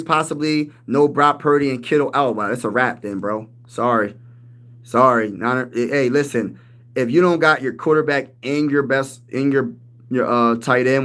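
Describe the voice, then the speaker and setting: A man's voice: medium pitch, fairly even intonation, fairly quick, a bit bright. A man in his thirties hosting a casual live-stream sports talk show, hyped and slangy as he reads and answers chat. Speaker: sports channel host.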